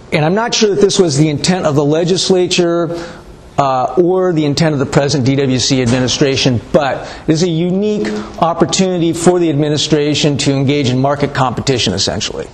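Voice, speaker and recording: A man giving a conference presentation, brisk and matter-of-fact, with frequent ums and uhs. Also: a little high. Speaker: conference speaker.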